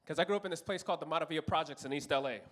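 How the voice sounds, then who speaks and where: A man's voice: fairly high pitch, very fast, background noise. Man, stand-up comic, profane, acts out the other people in his stories, slightly raised voice, live stage mic. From Los Angeles. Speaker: stand-up comedian. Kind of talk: stand-up comedy set. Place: comedy club stage.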